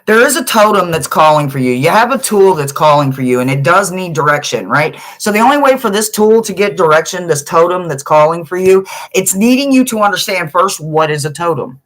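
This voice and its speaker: A woman's voice: on the low side, animated, moderate pace, fairly bright tone, poor audio. Blunt, emphatic woman giving a spiritual pep talk. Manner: blunt and emphatic, swears freely, repeats phrases for stress. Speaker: spiritual reader.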